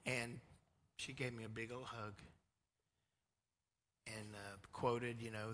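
Pastor, storytelling sermon, bright forceful voice, big reverberant hall. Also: male voice, medium pitch, level tone, measured pace, long pauses, a little hiss or hum. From Georgia, US. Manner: swings from loud to hushed. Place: church sanctuary.

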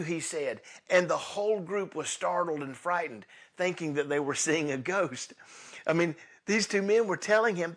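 A man preaching a sermon in a casual, conversational way, swinging between loud bursts and hushed asides as he tells the story. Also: a little high, lively intonation, moderate pace. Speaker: pastor.

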